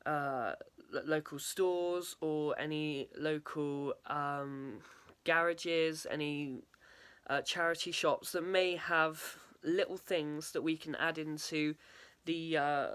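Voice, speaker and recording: A woman's voice: low voice, steady tone, slow, a bit bright, smooth. A young woman, a drama student, talking through a spoken video diary in a hesitant way, full of fillers and "sort of".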